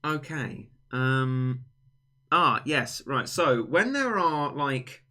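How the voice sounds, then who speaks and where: A man's voice: medium pitch, lively intonation, drawn-out words, pushed and bright. A young man hosting a livestream, chatting casually in a rambling, self-mocking way. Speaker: livestream host. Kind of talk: casual chat on a stream.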